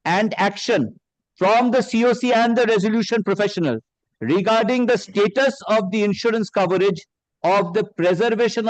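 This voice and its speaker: A man's voice: high voice, no echo, poor audio. A man with arguing as an advocate in a courtroom, deferentially reading documents aloud to the bench. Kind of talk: courtroom argument.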